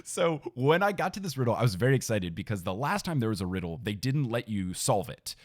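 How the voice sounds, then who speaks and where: A man in his twenties hosting a podcast, recapping a book in a joking, animated casual chat. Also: mid-range voice. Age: 20s. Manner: animated, joking, quick asides. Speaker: podcast host.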